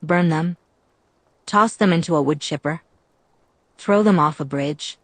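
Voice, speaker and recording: A woman's voice: low voice, measured pace, no room sound. A woman reading the part of a playful, saucy young woman who jokes in an exaggerated way. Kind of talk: audiobook reading.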